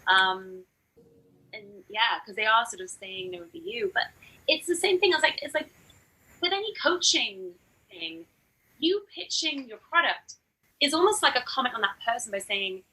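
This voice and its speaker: Bright, husky, animated woman. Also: on the high side, moderate pace, low-quality recording. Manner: animated, acts out quotes in different voices. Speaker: burlesque performer and teacher. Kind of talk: casual podcast interview.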